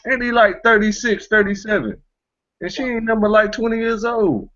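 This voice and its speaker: A man's voice: high voice, steady tone, moderate pace, a bit bright. Man, host, casual chat, rambling, stock filler phrases, muffled lo-fi sound. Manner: rambling, fills with "you know what I'm saying". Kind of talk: casual online talk show chat.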